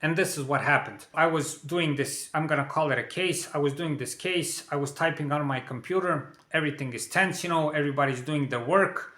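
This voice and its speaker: A man recounts a personal story in a plain, conversational manner, dropping "you know" as he goes. His voice is bright and sits a little high. The room around him is echoey. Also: brisk, few pauses. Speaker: vlogger.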